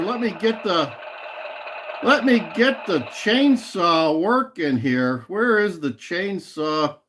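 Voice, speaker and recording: A man's voice: high-pitched, expressive, takes it slowly, noisy background. A man hosting a casual livestream and chatting with viewers, rambling, laughing often and repeating a catchphrase. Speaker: livestream host. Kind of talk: casual chat with live viewers.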